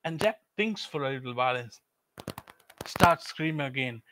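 Male preacher, earnest and repeating key lines, highish voice, dry close sound. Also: expressive, unhurried, bright, forceful tone, dry recording. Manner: earnest, repetitive exhortation with storytelling. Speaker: pastor. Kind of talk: sermon.

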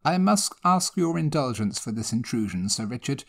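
A man's voice: medium pitch, big pitch swings, normal speed, fairly bright tone. A man voicing a polite, formal young scholar who is in a hurry. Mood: courteous. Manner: courteous, formal.

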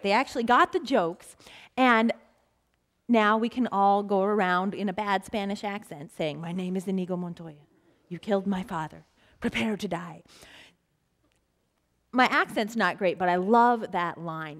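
A middle-aged woman pastor preaches to her congregation in a church, and her voice sits a little high. She tells stories in an easy, conversational way and drops in rhetorical questions as she goes. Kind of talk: sermon. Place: church sanctuary.

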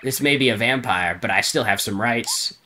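A man on a live stream reading garbled game dialogue aloud in a deadpan comic voice, often breaking into laughter. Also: mid-range voice, moderate pace, a little hiss or hum.

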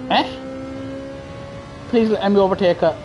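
A man's voice: high-pitched, unhurried, lo-fi sound, music in the background. A man streaming a sim racing game live, bantering in a jokey, laughing, cheeky way into a gaming headset at his home rig. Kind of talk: live gameplay commentary.

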